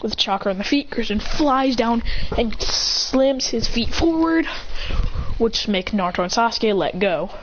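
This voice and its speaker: Excitable woman telling a fan story. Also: on the high side, measured pace. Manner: excitable, acts out voices and sound effects. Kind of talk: improvised fan story narration. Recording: dull lo-fi with faint noise.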